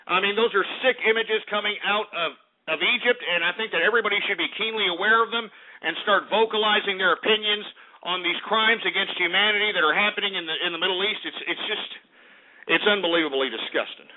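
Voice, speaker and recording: A man's voice: sits high, fast talker. A man hosting a talk radio show, ranting and swearing with bursts of mock outrage. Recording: tinny phone-like audio.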